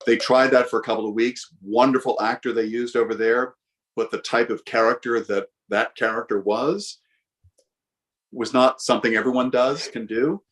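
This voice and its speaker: A middle-aged American man, a guest actor, telling lively anecdotes in a casual interview with frequent fillers. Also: medium pitch, moderate pace. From United States.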